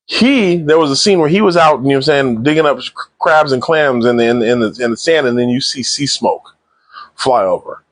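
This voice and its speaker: A man casually recapping and reviewing a TV episode in slangy, animated speech, acting out the characters' lines. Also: mid-range voice, brisk, no room sound. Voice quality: animated slangy retelling with acted-out quotes. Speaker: TV show reviewer.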